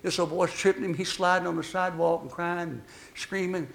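Male preacher, sermon, folksy storytelling, high voice, gravelly. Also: fairly even intonation, a little fast. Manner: folksy storytelling, emphatic swings between loud and hushed.

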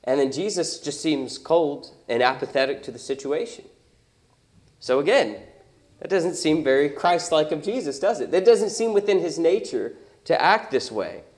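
A man's voice: a little high, lively intonation, moderate pace, a little mellow. A young adult man preaching a sermon as pastor, conversational and emphatic, with many rhetorical questions.

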